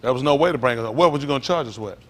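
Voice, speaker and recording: A pastor preaching a sermon, reading scripture aloud slowly and commenting between verses, calling out to the congregation. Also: male voice, mid-range voice, fairly bright tone. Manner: call-and-response preaching, rising to emphatic exclaims.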